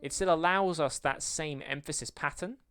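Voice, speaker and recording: Music-analysis presenter, mid-pitched, counts and sings beats to explain, soft music underneath. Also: moderate pace. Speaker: music analysis video creator. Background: faint music playing.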